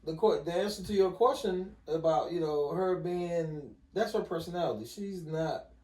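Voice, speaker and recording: Relaxed middle-aged man, echoey distant mic. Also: fairly high pitch, moderate pace. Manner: relaxed storytelling, frequent "you know". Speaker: podcast guest. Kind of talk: casual conversation.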